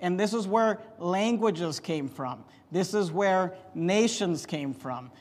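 A man teaching a Bible story lesson, telling it lively and acting out voices, with frequent restarts. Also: high-pitched, slow pace. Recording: echoey hall reverb.

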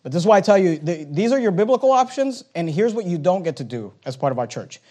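Male pastor, high-pitched, lively sermon delivery, acts out dialogue, blunt with a joking edge. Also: quick pace. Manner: animated preaching with acted-out dialogue and rising emphasis.

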